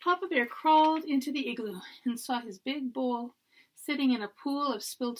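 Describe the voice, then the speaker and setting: A woman teacher reading a children's storybook aloud in an expressive way. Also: high voice, moderate pace.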